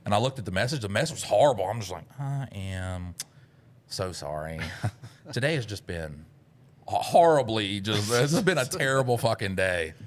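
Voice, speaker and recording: A man, co-hosting a podcast, telling a story in casual chat, swearing a lot and jumping into loud voices when he quotes himself. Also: fairly low pitch, lively intonation, brisk. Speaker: podcast co-host.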